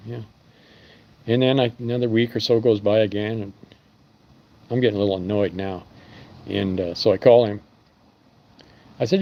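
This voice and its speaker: A man's voice: lowish voice, fairly quick, long pauses, highs cut off. A man who runs an engine machine shop, rambling through stories in a casual live stream. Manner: rambling storytelling with fillers.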